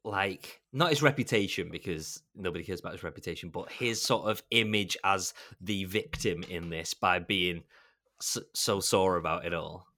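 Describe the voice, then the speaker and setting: A man's voice: low-pitched, normal speed, sharp tone, no echo, clean studio sound. A man co-hosting a film podcast, reading out award nominees with wry asides and chuckles. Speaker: podcast co-host. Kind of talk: casual film chat.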